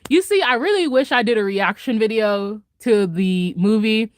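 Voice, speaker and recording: A woman vlogger in a casual reaction chat, gushing and excitable, laughing often and swinging between loud highs and soft mutters. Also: normal speed, few pauses, dry recording, studio quality.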